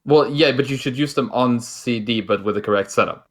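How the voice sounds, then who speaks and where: A man guesting on a gaming chat, explaining game tips in a relaxed way with frequent hesitations. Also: mid-range voice, brisk. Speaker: guest player. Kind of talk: casual chat.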